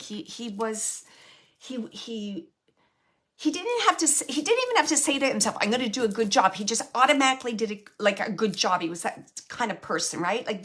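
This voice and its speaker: A woman works as a medium, giving readings to an audience member. Her voice is bright and forward, and she talks in stops and starts, with plenty of fillers, as she relays what she hears. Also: fairly high pitch. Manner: halting, filler-heavy, relays spirit's words.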